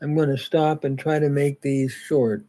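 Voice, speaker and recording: A man teaching a grammar lesson in a slow, methodical way, pausing on fillers as he goes through word forms. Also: a little high, flat delivery, dark tone, poor audio. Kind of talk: grammar lecture.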